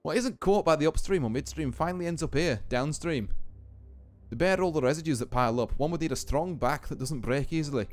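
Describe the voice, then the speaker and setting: A man voicing a stately woman who keeps a deep well, with a put-on Scottish accent and a slow, grand delivery, reading game dialogue aloud. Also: darkish tone, soft background music, lightly acted. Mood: solemn.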